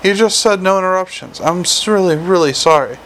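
A man's voice: brisk, fairly bright tone, a little hiss or hum, poor audio. A man voicing a small, meek, anxious male imp messenger who apologizes nervously. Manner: anxious, apologetic, higher-pitched.

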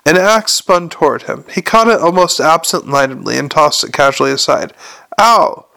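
A man's voice: a little high, lively intonation, brisk, gravelly, bright, forceful tone. A man narrating a comic fantasy story aloud in a wry way, with the odd slip and restart. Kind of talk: audiobook narration.

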